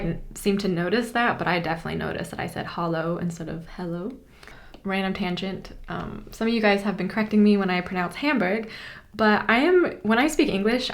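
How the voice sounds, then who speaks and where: American girl vlogging, laughs a lot, talky and casual. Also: medium pitch. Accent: Californian American. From United States. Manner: chatty, laughs often, acts out little quoted exchanges. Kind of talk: casual chat to camera.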